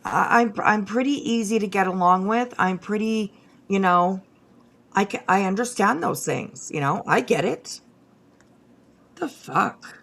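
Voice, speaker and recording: A woman's voice: mid-range voice, measured pace, creaky, a bit bright. A woman hosting a casual livestream, talking straight to her viewers in a blunt, profane rant full of restarts. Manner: many fillers and restarts, talks to chat. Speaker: livestream host.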